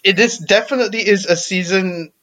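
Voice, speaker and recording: A man's voice: high voice, a little fast, a bit bright. A man co-hosting a podcast in casual chat, upbeat and laughing often. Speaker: podcast co-host.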